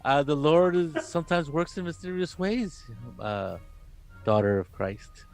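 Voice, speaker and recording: A man voicing an earnest traveling missionary priest, talking haltingly with many fillers. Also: fairly high pitch, sing-song, faint music behind. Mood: pious.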